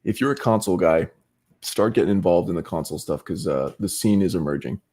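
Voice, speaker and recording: Deep, warm male guest from the United States, laid-back and sincere. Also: lively intonation, fast. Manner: earnest, laid-back, says man and yeah a lot. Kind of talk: casual interview chat.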